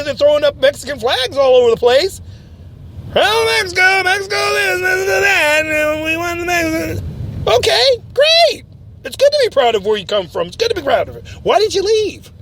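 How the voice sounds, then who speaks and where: High-voiced, ranting male radio host. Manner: ranting, often shouting, mocking. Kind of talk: mock talk-radio rant.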